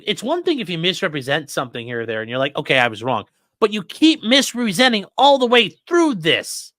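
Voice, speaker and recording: A man's voice: high-pitched, pushed and bright, dry recording, studio quality. A man hosting live legal commentary, talking bluntly and with lots of swearing. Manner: blunt, profane, exasperated. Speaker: lawyer and commentary host.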